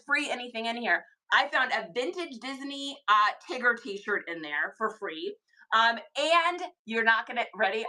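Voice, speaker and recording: A young woman hosting a reseller livestream, chatting excitedly with her viewers about thrift finds. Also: a little high, low-quality recording. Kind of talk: casual livestream chat.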